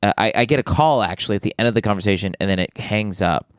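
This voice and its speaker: A podcast co-host tells a rambling story in casual chat, full of restarts and fillers. He talks fast in a voice on the low side, with clean studio sound and no room sound.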